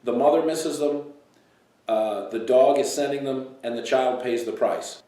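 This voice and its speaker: A man's voice: unhurried, warm tone. A middle-aged man, a dog trainer hosting his show, giving casual, joking advice on dogs and a new baby. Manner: joking, breaks into shrill impressions of owners.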